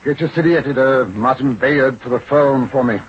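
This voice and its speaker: An actor playing a stern, shrewd police inspector in a 1940s-style radio drama, probing and dryly sarcastic. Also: male voice, mid-range voice, moderate pace, natural voice. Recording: lo-fi old radio recording with faint hiss.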